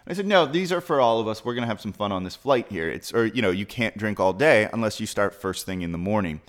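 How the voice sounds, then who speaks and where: A young man telling a long, rambling story in casual chat, with lively jumps in his voice. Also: fast. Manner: rambling, animated storytelling with big pitch jumps. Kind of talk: casual anecdote.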